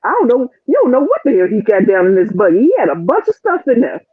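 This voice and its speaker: Storyteller, loose and animated, heard over a thin phone line. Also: mid-range voice, fast talker, slightly rough. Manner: animated, rambling anecdotes. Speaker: storyteller on a chat show. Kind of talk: casual storytelling.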